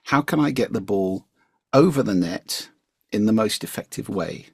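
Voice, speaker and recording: A man being interviewed as a communication coach, explaining his points in an articulate, measured way. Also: fairly low pitch, expressive, creaky, darkish tone, husky, dry recording, studio quality. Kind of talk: interview conversation.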